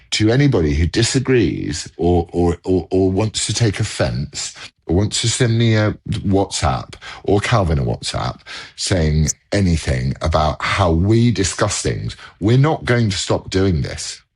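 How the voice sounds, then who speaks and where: A man's voice: low voice, a little mellow, breathy edge. A man co-hosting a casual chat from home over a video call, earnest and rambling, often restarting his sentences. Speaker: co-host.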